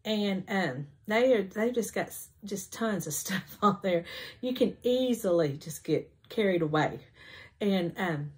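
A woman's voice: mid-range voice, expressive, measured pace, darkish tone. A woman chatting casually at home about her finished cross-stitch pieces, rambling with many ums. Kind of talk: casual show-and-tell chat.

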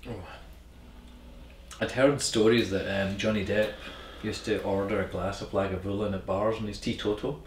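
A low-voiced man talks easily and chattily over a whisky tasting, quick to laugh. The sound is roomy and distant, with a faint hiss behind. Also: fairly even intonation. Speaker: tasting guest. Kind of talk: casual tasting chat.

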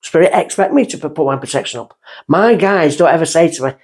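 A middle-aged woman appears as a guest medium on a podcast, telling stories in an animated, casual chat and slipping into little voices for the people in them. Her voice is slightly husky, low-pitched and fast.

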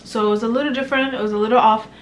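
A pregnant woman from Kenya vlogging in a chatty, animated way, now and then dropping to a hushed murmur. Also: a little high, very fast, a little hiss or hum. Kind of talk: casual chat to camera.

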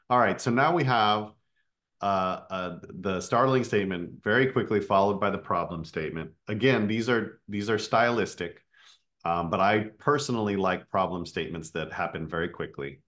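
A man's voice: lowish voice, normal speed, a bit bright. A man coaching speakers in a casual online session, explaining with filler words.

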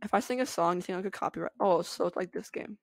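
A woman's voice: lowish voice, quick pace, creaky, no echo. A young woman giving casual, giggly commentary as she plays an online game, chatting to her viewers. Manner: giggly, bubbly, talks to viewers. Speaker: gaming video creator.

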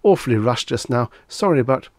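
A man's voice: expressive, fairly quick, darkish tone, dry recording, natural voice. A man voicing a nervous, foppish young man-about-town who talks in a flustered, stammering way. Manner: flustered, high-pitched and stammering.

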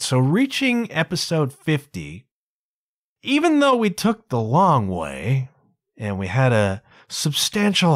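Male podcast host, solo chat, lively pitch swings, dry close sound. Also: dry recording. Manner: chatty, animated, full of asides like "man" and "you know". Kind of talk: casual solo podcast monologue.

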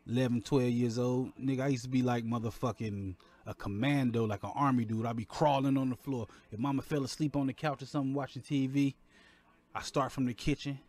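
A man's voice: medium pitch, steady tone, fairly quick, darkish tone. A man casually telling a story while he smokes, loose and profane, drawing his words out. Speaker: streamer in a played clip.

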